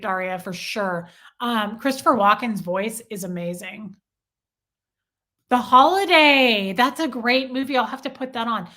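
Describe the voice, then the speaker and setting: A woman's voice: fairly high pitch, bright, forceful tone. A woman hosting a livestream, chatting casually and gushing as she reads out viewer comments. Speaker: livestream host.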